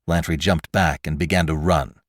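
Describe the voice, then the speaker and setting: A man narrating a story in a dramatic, expressive reading style. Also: a bass voice, moderate pace, no echo. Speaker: podcast host and narrator. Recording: dry close studio sound.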